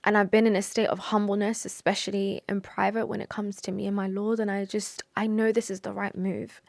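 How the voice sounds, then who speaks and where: Young woman, heartfelt vlog talk, soft sighs, mid pitch, dry room. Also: flat delivery, a little fast, gravelly, dry recording. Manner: earnest and emotional, with sighs and restarts; mixes in Arabic religious phrases. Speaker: vlogger. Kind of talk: personal confessional talk to camera.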